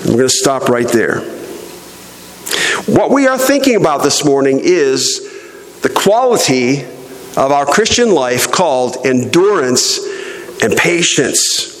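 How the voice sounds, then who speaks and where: A middle-aged man preaching a sermon as pastor, slow and emphatic, leaning hard on stressed words. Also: medium pitch, very animated, fairly bright tone, in a large hall, rough recording.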